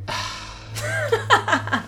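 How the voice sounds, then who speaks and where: A woman talks casually in an interview, warm with laughter. She is chatty and quick to giggle. She sounds easygoing and unrehearsed. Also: extremely high pitch, huge pitch swings. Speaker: filmmaker interviewee.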